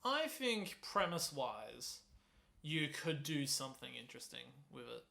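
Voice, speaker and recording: A man's voice: medium pitch, big pitch swings, measured pace, gravelly, pushed and bright. A man co-hosting a casual film podcast, offering dry, wry commentary on the movie. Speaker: podcast co-host. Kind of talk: casual chat.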